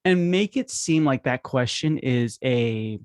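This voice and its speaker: Energetic man coaching over a dry mic. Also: medium pitch, no room sound. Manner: energetic, acts out phone calls with quick voice shifts. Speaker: podcast host teaching dental marketing. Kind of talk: casual instructional talk.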